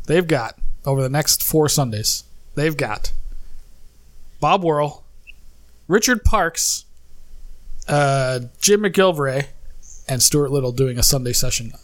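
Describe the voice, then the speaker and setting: A man's voice: on the high side, no echo. A man co-hosting a podcast who plays bagpipes, chatting in a laid-back way and swearing. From United States. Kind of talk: casual banter.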